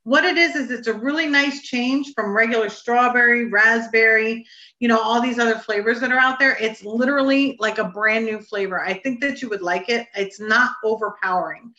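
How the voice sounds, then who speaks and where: A woman's voice: fairly high pitch, steady tone, moderate pace, bright, forceful tone. A woman hosting a casual live stream chat, rambling with lots of fillers. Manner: chatty, rambling, many fillers. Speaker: host of a vape review channel. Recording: echoey room, slightly dull lo-fi sound.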